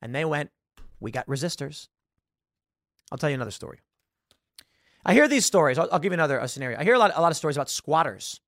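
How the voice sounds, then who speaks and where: A man's voice: on the high side, very fast, dry recording, studio quality. A man hosting a podcast, giving an opinionated commentary monologue and acting out the people in his stories. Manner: animated storytelling, acts out quoted voices. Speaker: podcast host.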